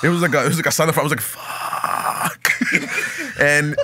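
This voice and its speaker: A man's voice: on the high side, steady tone, very fast, heavy background noise. A man telling a story in casual chat, swearing a lot and acting out his own reactions. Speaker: podcast guest.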